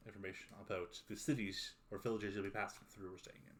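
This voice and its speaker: A man narrating as game master of a tabletop game, unhurried and pausing often on fillers. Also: fairly low pitch, level tone. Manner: unhurried, many filler pauses.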